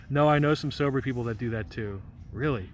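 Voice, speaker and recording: A man's voice: mid-range voice, a bit bright, a little hiss or hum. A young man livestreaming outdoors in a park, reading out chat messages in a rambling, joking, goofy way. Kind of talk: casual live vlog chat.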